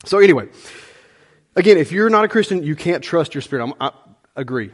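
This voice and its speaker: A middle-aged man preaching a sermon as pastor, conversational and animated, with folksy asides to the congregation. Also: a little high, fairly quick.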